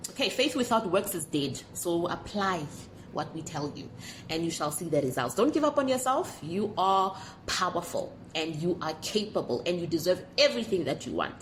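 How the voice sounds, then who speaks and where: A woman giving an unscripted, passionate motivational talk to camera as a manifestation vlogger and mentor, emphatic and close to yelling. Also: very animated, a little fast. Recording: echoey room with faint rumble.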